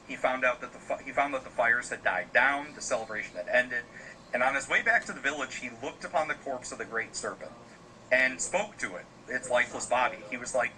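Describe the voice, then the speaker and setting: Rambling man telling a dark tale. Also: medium pitch, a little fast, a little hiss or hum, low-quality recording. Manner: loose, rambling, frequent fillers. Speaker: podcast host telling a story. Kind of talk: casual spoken storytelling.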